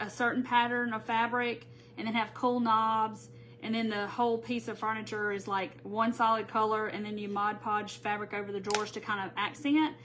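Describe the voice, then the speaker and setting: A woman's voice: a little high, fairly bright tone, slight background noise. A woman hosting a live crafting tutorial, chatting casually and greeting viewers by name as she works. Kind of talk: live-stream crafting chat.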